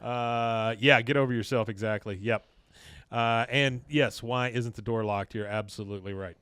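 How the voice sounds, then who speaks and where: A man's voice: medium pitch, steady tone, moderate pace, fairly bright tone, smooth, dry recording. A man hosting a podcast, recapping a cartoon episode in a casual, rambling way with lots of fillers. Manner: rambling, with many filler uh's. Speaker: podcast host.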